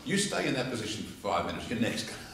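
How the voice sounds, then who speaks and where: An Australian man teaches public speaking to a live audience, and he tells stories and acts out the people in them. His voice sits a little low. It sounds like an echoey hall picked up from some distance away. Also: racing, creaky, a little hiss or hum. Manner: animated storyteller, acts out quotes and laughs along. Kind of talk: informal lecture with demonstrations.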